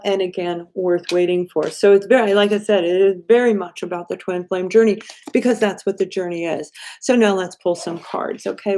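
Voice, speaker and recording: A woman's voice: medium pitch, slight background noise. Chatty woman reading cards on a live stream. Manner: animated, talks straight to viewers, often adds "right?". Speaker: intuitive card reader hosting a live stream.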